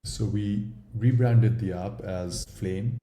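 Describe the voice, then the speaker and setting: Low dark-voiced Indian man, blunt. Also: fairly even intonation, slow, echoey room, a little hiss or hum. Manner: blunt, candid, swears casually. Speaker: startup founder and CEO. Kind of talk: casual interview chat.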